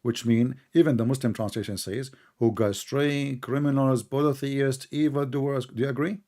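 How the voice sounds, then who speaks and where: A man hosting a live online debate, combative and mocking, who reads out scripture slowly and deliberately. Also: medium pitch, steady tone, mellow. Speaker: debate host.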